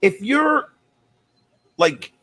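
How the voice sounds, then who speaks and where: A man's voice: high voice, big pitch swings, extremely slow, a bit bright, slightly rough, no room sound, voice pushed up, heavily acted. A man imitating a suspicious male official who questions a caller over the phone. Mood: probing.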